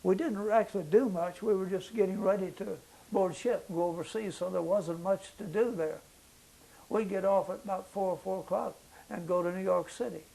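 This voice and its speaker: Older guy, kinda high gravelly voice, oral history interview, lots of uh's while he remembers. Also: fairly even intonation, mellow, poor audio. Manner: halting recollection with many fillers. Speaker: veteran interviewee.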